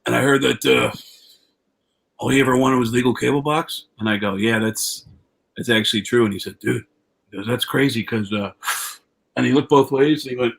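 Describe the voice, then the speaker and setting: A comedian telling a long anecdote, animated, swearing freely and jumping into quoted voices, heard over a video call. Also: male voice, medium pitch, normal speed, creaky, pauses often. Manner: animated storyteller, acts out quotes with raised voice; profane, rambling with many restarts. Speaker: comedian guest. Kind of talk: storytelling anecdote.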